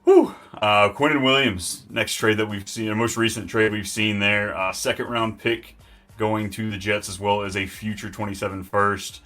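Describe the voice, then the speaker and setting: Hyped, fast-rambling male stream host. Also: on the low side, level tone, bright, forceful tone, soft background music. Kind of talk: live-stream fantasy football talk.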